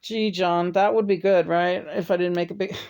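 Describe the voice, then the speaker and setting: A woman's voice: on the low side, steady tone, normal speed, a little mellow, lo-fi sound. A woman chatting casually as a vlog host, rambling and sentimental. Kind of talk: casual chat.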